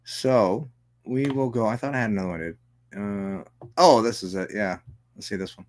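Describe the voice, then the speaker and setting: A man's voice: on the low side, normal speed, darkish tone. A man hosting a political commentary show, reading news articles aloud and breaking off with sarcastic, profane asides. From Canada. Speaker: host.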